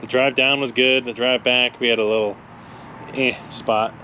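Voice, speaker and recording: A man's voice: medium pitch, little pitch movement, normal speed, lo-fi sound, background noise. A man co-hosting a car vlog, telling a road-trip story in a rambling way with a lot of laughing. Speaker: co-host of car channel. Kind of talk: casual chat, storytelling.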